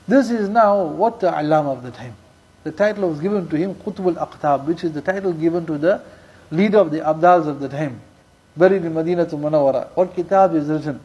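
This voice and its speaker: A man's voice: a little high, a little mellow, husky, highs cut off. A man preaching a sermon, telling stories and mixing Urdu and Arabic religious terms into English, repeating key lines for emphasis. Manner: recites Quranic verses rapidly in Arabic. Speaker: Islamic preacher.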